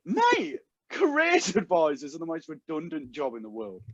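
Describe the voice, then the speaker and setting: A man's voice: a little high, wildly swooping pitch, normal speed, fairly bright tone, husky, no room sound, highs cut off. A British man co-hosting a comedy podcast over a video call, telling stories animatedly and mimicking the people he quotes. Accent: British English. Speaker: podcast co-host. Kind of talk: casual comedy banter.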